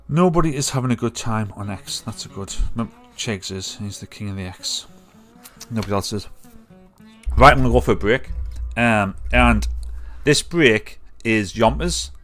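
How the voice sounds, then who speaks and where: A middle-aged man, hosting a live-stream show in a rambling, sweary, blunt way. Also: on the low side. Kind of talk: casual live-stream rant.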